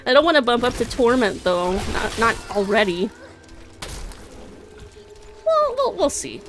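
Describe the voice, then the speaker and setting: A woman's voice: on the high side, huge pitch swings, a little slow, long pauses, noisy background. A young woman streaming a video game, chatting casually and giggling often as she rambles and corrects herself. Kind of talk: casual gaming commentary.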